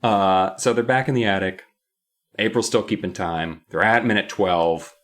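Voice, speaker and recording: A man's voice: lowish voice, normal speed, fairly bright tone. A man co-hosting a podcast, recapping a book episode in a playful, rambling way. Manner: playful, rambling, often laughing. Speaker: podcast co-host.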